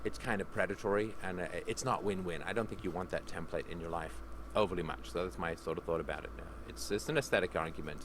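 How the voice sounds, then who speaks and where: A man's voice: low voice, fast, few pauses, noisy background. A man hosting a Q&A podcast, talking in a sardonic, joking, digressive monologue. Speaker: podcast host answering listener questions.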